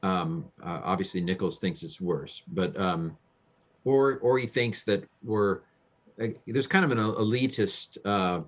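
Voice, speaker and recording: A male professor joins a podcast over a video call. His voice sits a bit low, and he works through his ideas hesitantly, repeating words and filling pauses with um. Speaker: guest professor.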